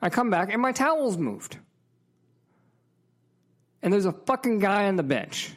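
A man in a casual, profane storytelling rant, emphatic and heated, with frequent asides to the viewer. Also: sits high. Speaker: vlogger.

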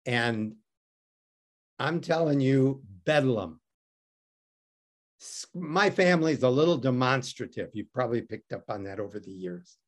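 A man from Detroit tells a story as an interview guest. He is wry and self-mocking and acts out each quoted line. His pitch rises and falls a great deal as he talks. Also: expressive, unhurried, long pauses. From Detroit, USA. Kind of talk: animated storytelling.

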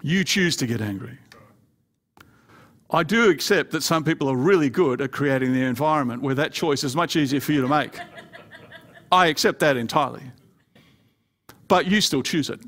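A male pastor delivering a sermon, climbing higher and louder to press his points, with playful asides. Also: moderate pace, long pauses. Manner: rising pitch and volume when pressing a point, playful asides.

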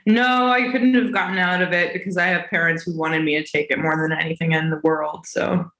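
A woman's voice: fairly low pitch, fairly even intonation, fairly quick, a bit bright. A woman in her twenties co-hosting a podcast over a video call, chatting casually in a dry, teasing way. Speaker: podcast co-host. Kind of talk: casual chat. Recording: roomy echo on video call.

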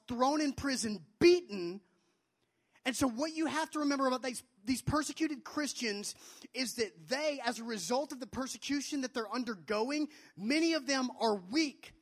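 A young man preaching a sermon to students as a youth pastor, emphatic and repeating his phrases. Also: fairly bright tone. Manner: emphatic, repeats phrases, acts out quotes in a high childlike voice.

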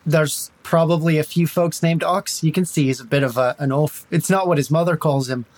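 A man voicing a smooth-talking male elf bard with an Irish accent, lilting and evasive, in a tabletop game. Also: steady tone, normal speed, lightly acted. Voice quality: lilting, wheedling, pitch rising when pressed. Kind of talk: tabletop role-play in character.

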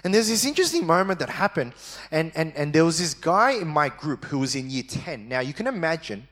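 Preaching, a man whose voice is on the high side shares a lively personal testimony, playing his younger self. He turns quiet and slow for the tender parts.

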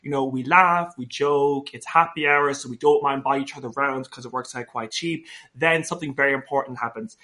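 A man's voice: medium pitch, fairly quick, hardly any pauses, sharp tone. A man co-hosting a podcast, telling a long story in a camp, playful way in casual chat. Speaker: podcast co-host.

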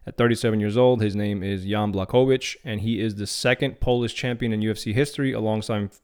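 A man's voice: on the low side, steady tone, fast talker, darkish tone, smooth. A man hosting his own podcast, talking through fight news in a casual, opinionated way. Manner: casual, opinionated, some restarts. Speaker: podcast host. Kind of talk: solo MMA news commentary.

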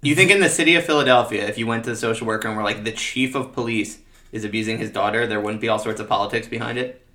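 A man co-hosting a podcast, pushing back with quick, sarcastic rebuttals in casual film chat. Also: on the low side, sharp tone. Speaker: podcast co-host.

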